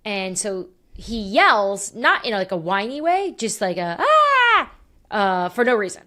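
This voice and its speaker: A woman in her thirties hosting a podcast, telling a story in a lively, animated way and laughing often. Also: mid-range voice, measured pace. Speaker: podcast host. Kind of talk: casual chat.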